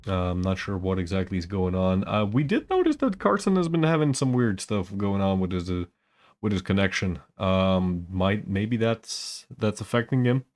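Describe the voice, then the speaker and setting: A man's voice: low voice, sing-song, normal speed, a little mellow. A man doing casual live esports commentary, chatty and rambling, teasing the chat between plays.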